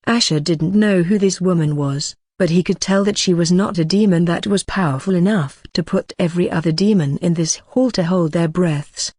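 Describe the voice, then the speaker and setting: A narrator reading a fantasy novel aloud in an even, machine-like delivery with odd word glitches. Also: medium pitch, no echo, clean studio sound. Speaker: audiobook narrator.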